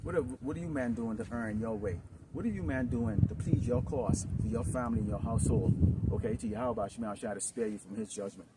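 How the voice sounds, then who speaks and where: A man preaching in a rambling, improvised sermon, filling his talk with "okay?" and "you know" and swinging into loud outbursts. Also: mid-range voice, a little fast. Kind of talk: improvised street-camp sermon. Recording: distant mic with noisy background.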